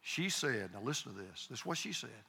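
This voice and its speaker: A man preaching a sermon as pastor, telling a story with repeated starts and emphatic pauses. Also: medium pitch, very animated, vocal fry, bright, forceful tone, slightly rough, long reverb tail.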